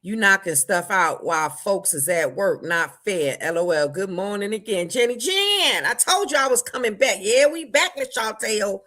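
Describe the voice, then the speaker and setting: A woman hosts a casual livestream and greets her viewers one by one. Her voice sits at an ordinary middle pitch. She swings between loud, bright bursts and low, muttered asides. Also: big pitch swings, moderate pace, few pauses. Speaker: livestream host.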